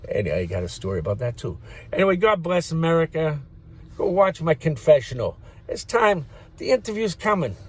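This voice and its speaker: A man's voice: a little high, sing-song, brisk. A man in his fifties giving a rambling casual monologue to camera, swearing freely and chuckling between thoughts. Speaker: vlogger.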